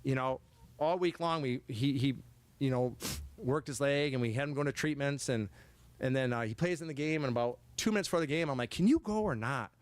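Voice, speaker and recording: Stammering coach, dry close sound. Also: male voice, medium pitch, no echo. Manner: halting, stammering repeats; emotional, choked up at times. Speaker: head football coach. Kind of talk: banquet speech. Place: banquet hall, indoors.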